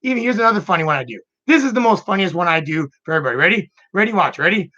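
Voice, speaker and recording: A man hosts his own online show in a loose, upbeat chat that rambles and circles back on itself. His voice sits a little high and sounds bright and forward. The recording is dull and lo-fi. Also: animated, rapid-fire, hardly any pauses. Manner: rambling, repeats words, upbeat. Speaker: show host. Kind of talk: casual chat.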